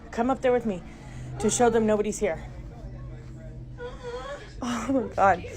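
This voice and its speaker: A woman's voice: fairly high pitch, slow pace, crowd noise. A middle-aged woman filming her own house on a phone, whispering in fright and breaking into breathless exclamations and swearing. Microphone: phone camera. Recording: noisy phone video audio.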